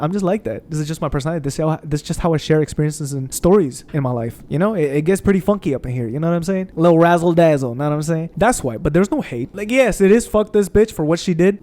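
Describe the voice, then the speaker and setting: Young male streamer, slightly high but mellow voice, loud and animated, swears freely while telling stories over gameplay. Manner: expressive, profane, animated rants. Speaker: gaming streamer. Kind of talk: casual storytelling over gameplay. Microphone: condenser mic on desk.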